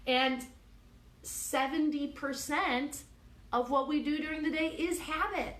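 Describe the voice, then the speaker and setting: A woman's voice: mid-range voice, a bit bright, roomy sound. A woman hosting a motivational radio show, talking casually and directly to her listeners, coaxing them with lots of "like" and "okay".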